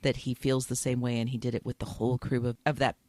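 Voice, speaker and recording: Animated, emotional podcast co-host. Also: medium pitch, fast, dry recording. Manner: emotional, animated retelling of scenes. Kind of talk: casual chat about a TV episode.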